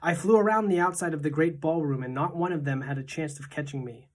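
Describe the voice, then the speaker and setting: A woman teacher reading a children's novel aloud in a measured, expressive way. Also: sits low.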